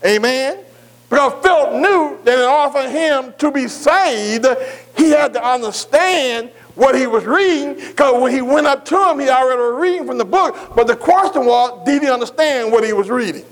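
High-voiced preacher man reading scripture. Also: expressive. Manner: call-and-response, repeats phrases, asks the congregation questions; slow, drawn-out reading of scripture. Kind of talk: sermon.

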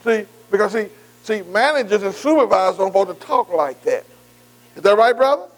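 Leading a bible study, a man preaches conversationally in a folksy, informal way, keeps checking in with his listeners, and engages the room with repeated "see" and "am I right." His high voice is animated, his pace moderate, and the audio poor.

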